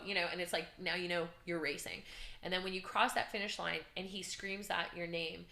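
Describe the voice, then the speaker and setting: A woman guest telling her story in an interview, animated and earnest, acting out shouts and her own inner voice. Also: fairly low pitch, a little fast, vocal fry, roomy sound. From Canada. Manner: emotional, earnest. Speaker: podcast guest, business coach.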